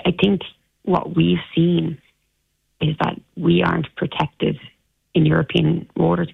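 An Irish woman, an interview guest, recounting an ordeal in a halting way with many restarts, heard over a tinny phone line. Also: low voice, vocal fry, husky, dry recording. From Ireland.

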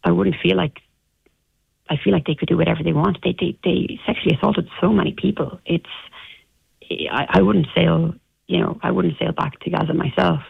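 An Irish woman, an interview guest, recounting an ordeal in a halting way with many restarts, heard over a tinny phone line. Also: lowish voice, fairly even intonation, creaky, slightly rough, no room sound. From Ireland.

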